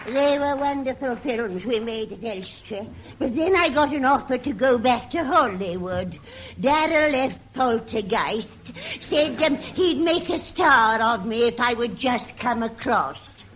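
Woman doing an old faded film actress, grand drawl, slow, heavy hiss, lo-fi radio. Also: a little high, animated, a crowd in the background. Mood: reminiscing. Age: older.

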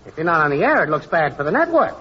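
Stubborn high-voiced tech, bouncy singsong, muffled old broadcast. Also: male voice, big pitch swings, fast, slightly rough. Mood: cocky. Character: brash, pushy male network technician. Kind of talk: 1940s radio comedy acting. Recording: dull old radio broadcast recording.

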